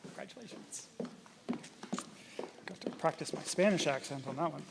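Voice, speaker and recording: A middle-aged man announcing graduates' names at a university ceremony, reading them at a steady rhythm with light joking asides. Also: fairly high pitch, moderate pace, gravelly. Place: university performing arts hall. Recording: noisy recording of a ceremony hall.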